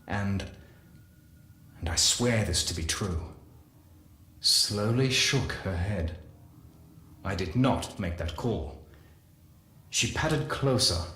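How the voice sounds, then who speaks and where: A man with a low voice tells a story in the first person, solemn and measured, pausing with care between phrases. His voice rings in a roomy, echoing space, and a faint hiss sits underneath. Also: a bit bright. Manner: measured, solemn storytelling with slow deliberate pauses. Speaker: lore narrator. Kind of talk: dramatic first-person lore reading.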